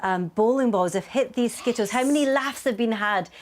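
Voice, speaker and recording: A woman's voice: a little high, normal speed. A woman antiques expert chatting casually in an enthusiastic, giggly way. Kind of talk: casual chat.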